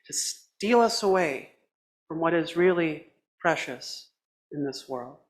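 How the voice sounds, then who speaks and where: A man preaching a sermon as a minister, with a measured, reflective delivery in short phrases. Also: fairly high pitch, animated.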